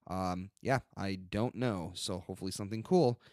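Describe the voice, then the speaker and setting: A man's voice: low-pitched, moderate pace, darkish tone, no room sound. Young guy on a beer podcast, rambly, lots of uhs, dry close sound. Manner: rambling, many fillers and restarts, reads descriptions aloud. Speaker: podcast co-host reviewing beers. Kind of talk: casual beer-tasting podcast chat.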